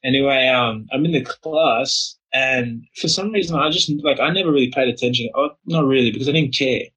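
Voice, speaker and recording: A young man co-hosting a podcast, telling a story in casual chat, animated and swearing freely. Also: mid-range voice, brisk, slightly rough, recorded from a distance, poor audio. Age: young adult. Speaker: podcast co-host.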